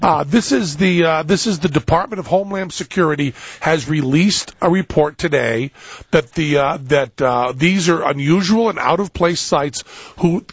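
Gravelly joking radio talk host, man. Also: on the high side, normal speed, no echo, lo-fi sound. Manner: joking, rambling, frequent restarts.

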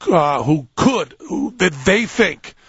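A man's voice: a little high, lively intonation, takes it slowly, creaky, fairly bright tone, husky, no room sound, muffled recording. A man hosting a radio talk show, joking and rambling with frequent restarts.

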